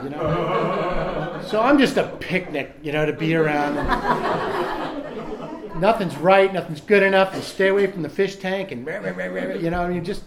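A man's voice: high-pitched, a little fast, crowd noise. A man reading aloud from a recovery book and sharing his own story in a candid, self-mocking way, often restarting his sentences. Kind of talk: reading aloud and personal testimony.

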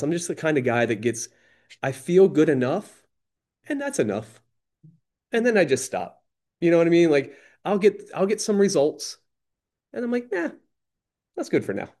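A man's voice: mid-range voice, a little mellow. A man in recovery candidly sharing his experience with the steps, talking casually with slang and lots of restarts. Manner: casual, slangy, self-deprecating, many restarts. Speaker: AA member sharing.

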